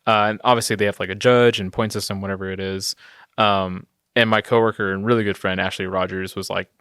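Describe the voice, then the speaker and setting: A man in his twenties, a videographer, telling stories in a casual interview, chatty and self-deprecating, breaking into high laughs. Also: little pitch movement, a little fast, fairly bright tone, clear, resonant tone, dry recording, clean studio sound. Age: 20s. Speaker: guest videographer.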